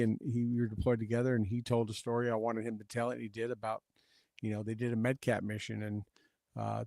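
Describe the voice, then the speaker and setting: Gravelly veteran guy hosting a podcast, plainspoken, dry close sound. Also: mid-range voice, a little mellow, no room sound. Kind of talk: casual conversation.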